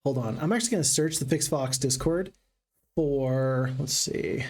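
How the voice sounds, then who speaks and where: A man streaming a strategy game, chatting excitedly to his viewers. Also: medium pitch, normal speed. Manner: excitable, chatty, talks to chat. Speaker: gaming streamer. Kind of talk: live game commentary.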